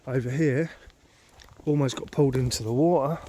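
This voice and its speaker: Casual male vlogger by a lake, mid-pitched, swears constantly, rambling and fed up, faint background hiss. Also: moderate pace. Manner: swearing, rambling, exasperated storytelling. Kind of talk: casual outdoor vlog. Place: outdoors at a lake.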